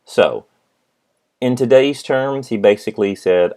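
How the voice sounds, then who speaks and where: A middle-aged man giving a business lecture as a professor, telling stories in an animated way and acting out the people in them. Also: deep voice, moderate pace. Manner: animated storytelling, acts out his father. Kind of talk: recorded lecture.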